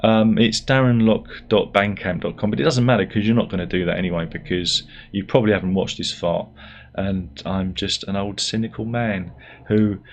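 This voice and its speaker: This is a middle-aged man with a fairly low voice, holding forth in a loose, casual monologue. He rambles and keeps cutting himself down with dry, sardonic asides. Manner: rambling, sardonic and self-deprecating. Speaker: YouTube host.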